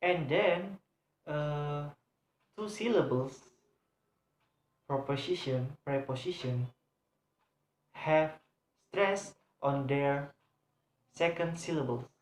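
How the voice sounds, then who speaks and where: A young man with an Indonesian accent teaches English word stress at a very slow, halting pace. He pauses often, fills gaps with "uh", and says each example word several times. The recording has a roomy echo. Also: on the high side. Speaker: student presenter. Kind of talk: English pronunciation lesson. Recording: echoey room.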